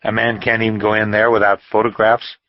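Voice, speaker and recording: A man doing a gruff little bald fat man. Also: on the low side, little pitch movement, brisk, no room sound, dull audio, close to an everyday voice. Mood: angry. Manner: gruff, growling.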